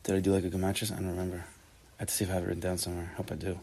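A man giving a Torah class, animated and emphatic, often restarting his sentences. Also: low voice, racing, slight background noise. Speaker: Torah teacher.

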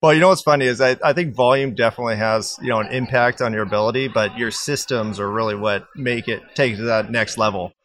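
A man's voice: mid-range voice, steady tone, fast, hardly any pauses, fairly bright tone. A man with a mid-range voice hosting a podcast. He chats casually and in a laid-back way, and he laughs easily as he trades stories with his guest. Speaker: podcast host. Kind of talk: casual interview chat.

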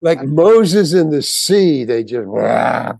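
With a medium pitch and moderate pace, an older actor on an interview show animatedly recounts a long anecdote, voicing the people in it himself. The recording is dry.

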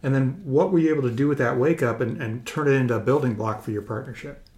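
A man's voice: mid-range voice, quick pace, a little mellow. A man hosting a conversation with a couple, affirming their points and laughing easily as he asks questions. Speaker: podcast host. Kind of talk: casual interview chat.

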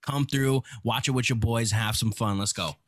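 A man's voice: mid-range voice, moderate pace. A man co-hosting a casual podcast, laid-back and slangy, chiming in with short jokes. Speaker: podcast co-host. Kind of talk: casual chat.

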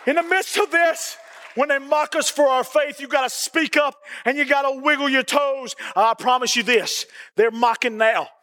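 A middle-aged male pastor delivers a sermon with emphatic repetition and sudden shouting. His voice is strikingly high and bright. It rings through a reverberant church sanctuary. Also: steady tone, normal speed, few pauses, some chatter behind.

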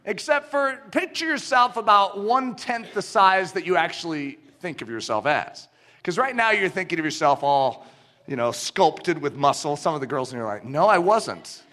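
Male preacher, high and sharp-toned, very expressive delivery, acts out scenes mid-sermon. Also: moderate pace. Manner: animated, acts out dialogue and illustrations.

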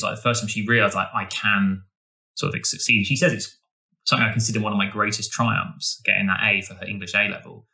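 Man, podcast co-host, quick talker with a bright tone, eager and rambling delivery. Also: on the low side. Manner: enthusiastic, rambling with restarts. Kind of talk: casual podcast chat.

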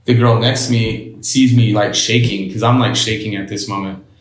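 A man with a lowish voice tells his story casually and bluntly, swearing freely and acting out what each person said. The room around him gives his voice a clear echo. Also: steady tone, normal speed. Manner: blunt and profane, retells with quoted dialogue. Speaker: interview guest.

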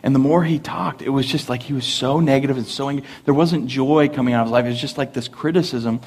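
A young adult male pastor preaches a sermon at a church service, his voice medium-pitched, husky and quick. He's an animated storyteller, laughing through lively family anecdotes before turning earnest to make his points.

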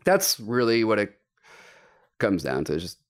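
A young man talking as a guest on a podcast, with lots of laughter and some swearing. His voice swings up and down in pitch. His delivery is loose, casual and energetic. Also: unhurried. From Los Angeles area. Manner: animated, laughs often, swears freely. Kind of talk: casual chat.

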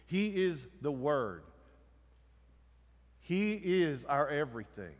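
A man's voice: fairly high pitch, big pitch swings, slow, long pauses. Emphatic preacher man, echoey hall. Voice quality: emphatic, rising and falling in volume. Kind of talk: sermon.

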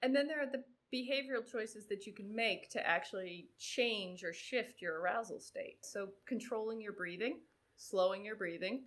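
A woman's voice: medium pitch, normal speed. A woman sports psychologist guest, talking in a conversational interview and telling an anecdote with acted-out dialogue. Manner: animated storyteller, acts out quoted dialogue.

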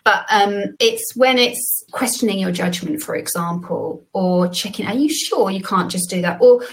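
A woman's voice: mid-range voice, moderate pace, a bit bright, poor audio. A woman psychologist co-hosting a podcast, explaining ideas in a thoughtful, casual way with light laughs. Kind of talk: casual conversation.

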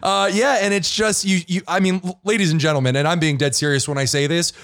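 A man co-hosting a podcast in casual chat, animated, laughing often and restarting his sentences. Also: sits high, quick pace. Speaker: podcast co-host.

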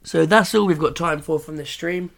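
A man's voice: fairly high pitch, moderate pace, creaky, a bit bright, slight background noise. A man co-hosting a podcast, chatting casually with easygoing, brief replies. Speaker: podcast co-host. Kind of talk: casual chat.

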